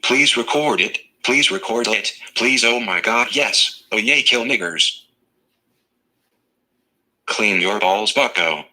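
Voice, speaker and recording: Bright synthetic male voice. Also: medium pitch, slow, long pauses, low-quality recording. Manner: flat, evenly paced machine delivery. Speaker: text-to-speech reader of viewer messages. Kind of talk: synthetic voice reading chat messages aloud.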